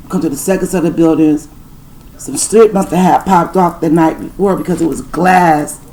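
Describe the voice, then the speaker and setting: Gravelly-voiced woman telling a story. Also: deep voice, warm tone, rough recording. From Detroit, USA. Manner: profane, rambling spiritual storytelling. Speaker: channel host. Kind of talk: storytime vlog.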